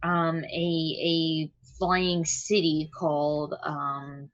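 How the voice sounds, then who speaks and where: A woman playing a tabletop game over a call, talking casually and pausing often to search for words. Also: low voice, level tone, highs cut off. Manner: hesitant, searching for words with many ums. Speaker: player.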